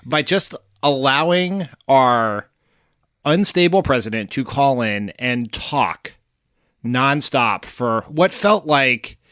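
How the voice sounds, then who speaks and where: A man co-hosting a casual political podcast, wry and deadpan. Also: mid-range voice, slow, clean tone, dry recording, clean studio sound. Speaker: co-host.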